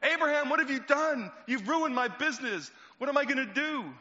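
Guy doing a frantic old dad yelling way up high, bright edge, echoey dull hall sound. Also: expressive, brisk. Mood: furious. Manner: shouting, high-pitched outrage. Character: angry old idol-maker father, frantic.

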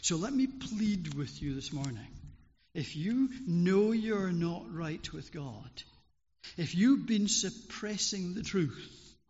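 Man preaching slow and earnest in church, pleading with the crowd, muffled lo-fi sound. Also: high voice, darkish tone. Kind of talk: sermon. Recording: dull recording in echoing hall.

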